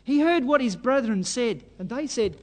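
A man delivers a sermon in an unusually high voice. He preaches with fervour and drives his points home with rhetorical questions. A long hall reverb trails after every phrase. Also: expressive, moderate pace. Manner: fervent, exhorting, rhetorical questions.

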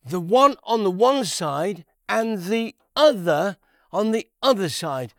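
A man giving a conversational Bible teaching, unhurried, repeating key phrases and asking rhetorical questions. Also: high-pitched, very animated, fairly bright tone, no room sound, clean studio sound.

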